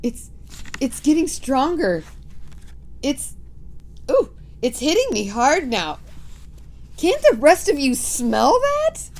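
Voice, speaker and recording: A screeching tall witch, her voice shooting high and loud. She stammers and gasps in excitement as she sniffs, shrill and urgent. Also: slow pace, long pauses, heavily acted. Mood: excited urgent. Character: shrieking tall female witch sniffing loudly. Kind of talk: storybook reading with voices.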